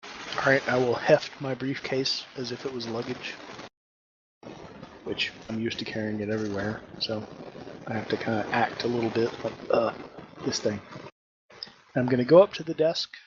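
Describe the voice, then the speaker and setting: A man playing in a tabletop game, joking and groaning at his own bad rolls. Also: medium pitch. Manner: playful, self-mocking, quick groans. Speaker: player. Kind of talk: casual tabletop play. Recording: dull lo-fi mic with faint noise.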